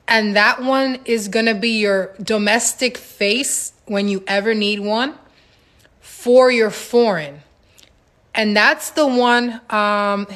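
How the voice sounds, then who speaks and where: A woman hosting a casual livestream Q&A, telling stories in an animated, slangy way with laughs, into a phone mic. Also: medium pitch. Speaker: livestream host answering viewer questions.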